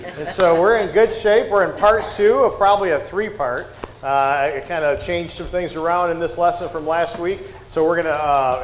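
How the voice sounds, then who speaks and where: High-voiced preacher in an echoey church. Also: male voice. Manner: folksy, frequent "uh" and "right?" asides. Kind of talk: conversational sermon. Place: church sanctuary. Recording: roomy church echo.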